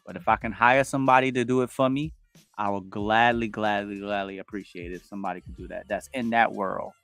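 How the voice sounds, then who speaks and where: A man's voice: on the low side, brisk, creaky, no echo, faint music behind. A man in his forties hosting a casual livestream, greeting viewers by name and reading their comments aloud with lots of energy. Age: 40s. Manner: animated, reads chat comments aloud, hypes viewers up. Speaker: livestream host. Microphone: home streaming setup with wired connection.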